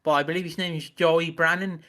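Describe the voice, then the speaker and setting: A man's voice: a little high, steady tone, fairly quick, sharp tone. A man co-hosting a podcast in casual chat, rambling and joking with lots of swearing. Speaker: podcast co-host.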